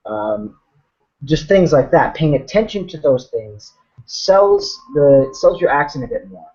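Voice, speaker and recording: A man's voice: medium pitch, animated, a little slow, darkish tone. A man, a game master, explaining tips in casual chat on a video call, talking things through with frequent ums and restarts. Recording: muffled video call audio.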